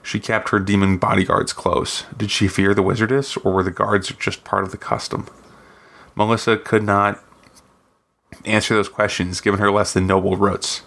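A man's voice: lowish voice, flat delivery, normal speed, gravelly, a bit bright. A man reading aloud from his own fantasy novel, with occasional slips and restarts. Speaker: guest reader, author.

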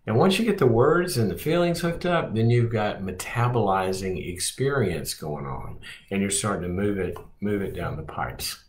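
A man, a psychologist hosting his show, teaching to camera in an animated way, acting out babies and parents and swinging between loud and hushed delivery. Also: lowish voice, normal speed. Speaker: psychologist host.

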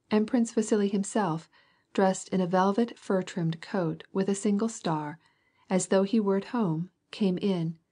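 Audiobook narrator, woman, steady measured reading, dark and slightly husky voice. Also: mid-range voice. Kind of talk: scripted narration of a classic novel.

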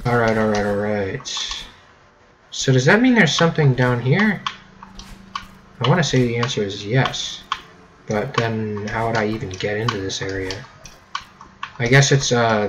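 A man plays through a game and talks it over at an unhurried pace, trailing off and chuckling at his own mistakes. Now and then he breaks into a sudden excited yelp. Clear keyboard and mouse clicking runs under his voice from a desk microphone. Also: fairly low pitch, noisy background. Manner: rambling, self-mocking, with sudden excited yelps. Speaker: let's play gamer. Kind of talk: casual gameplay commentary. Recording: keyboard clicks audible behind.

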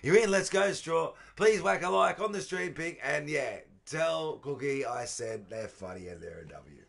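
A man livestreaming a game, chatting with viewers, greeting them by name, and shouting when excited. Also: a little high, moderate pace, vocal fry. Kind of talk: casual gaming stream commentary.

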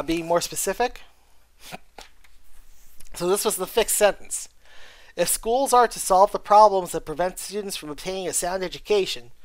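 Lecturer with a mid-range voice on a dry, close mic. Keeps asking "okay?" and fills pauses with "uh". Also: medium pitch, no room sound. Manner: frequent "okay?" check-ins and "uh" fillers; reads textbook passages aloud. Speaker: college writing instructor. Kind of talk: recorded video lecture.

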